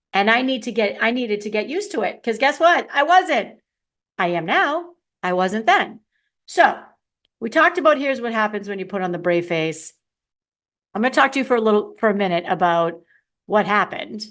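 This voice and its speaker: A woman's voice: medium pitch, fairly bright tone. A middle-aged woman, a confidence coach, talking candidly and playfully to her listeners in a solo podcast.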